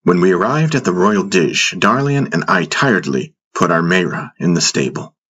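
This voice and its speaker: A man narrating a fantasy audiobook in the first person, in a measured storytelling manner. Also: low voice, big pitch swings, a bit bright, slightly rough.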